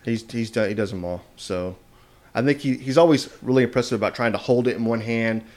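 A man's voice: mid-range voice, a little fast, darkish tone. A man from Texas, hosting a podcast in a rambling, filler-heavy way. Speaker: podcast host. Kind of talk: casual podcast chat.

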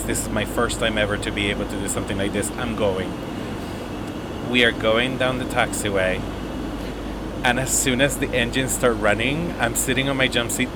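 A man, a flight attendant, telling a story in a casual chat and laughing as he goes. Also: medium pitch. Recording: loud background noise.

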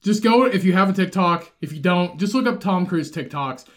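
A man co-hosting a casual podcast, his voice sitting high and swinging widely as he talks. He rambles in an amused, profane way. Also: expressive, normal speed. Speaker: podcast co-host. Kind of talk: casual chat.

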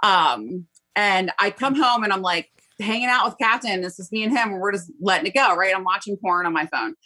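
A middle-aged woman talks as a guest on a podcast, blunt and unashamedly profane, laughing through her own stories. Her voice is bright and husky. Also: medium pitch, fairly quick, poor audio. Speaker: podcast guest, fellow podcast host. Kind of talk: candid casual interview talk.

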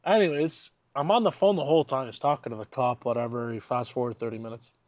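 A man hosting a casual podcast, telling stories in an animated, slangy way with plenty of swearing, outdoors in a backyard. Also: mid-range voice, fast talker, no room sound. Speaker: podcast host. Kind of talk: casual chat, storytelling.

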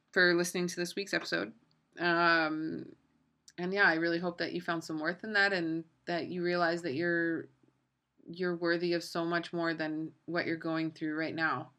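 Bright-voiced woman hosting a pep-talk podcast. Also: fairly low pitch, fairly even intonation, unhurried. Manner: earnest, profane, lots of fillers. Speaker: podcast host. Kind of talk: motivational podcast monologue.

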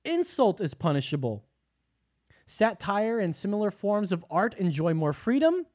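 A man's voice: high-pitched, very animated, a little slow, a little mellow. An American man hosts a casual podcast, working through legal passages in a rambling, profane way. He trips over words and laughs at himself as he goes. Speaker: podcast host. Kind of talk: casual podcast chat, reading out laws.

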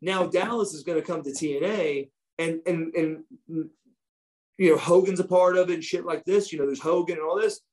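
A man's voice: a little high, normal speed, a little mellow. A man, a former wrestler, telling stories from his career in a casual chat, swearing freely and acting out what others said.

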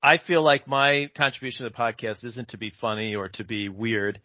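A man hosting a casual podcast, talking in a laid-back, somewhat flat way and laughing easily. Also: mid-range voice, moderate pace, dry recording, muffled recording. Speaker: podcast host.

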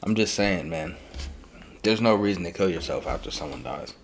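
A man's voice: deep voice, lively intonation, normal speed, vocal fry, slight background noise. A young man co-hosting a podcast, talking bluntly and arguing in casual chat. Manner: blunt, profane, argumentative. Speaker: podcast co-host.

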